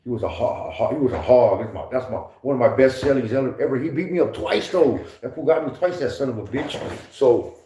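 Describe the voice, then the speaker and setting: A man with a mellow, mid-range voice speaks fairly quickly as a podcast guest telling prison stories. He keeps it casual with plenty of slang and profanity, laughing often and mimicking people. The recording is echoey, dull and lo-fi.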